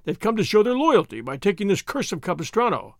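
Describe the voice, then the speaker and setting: A man's voice: sits high, big pitch swings, fast talker, no room sound, studio quality. A man voicing a pompous, flustered governor who blusters and pleads.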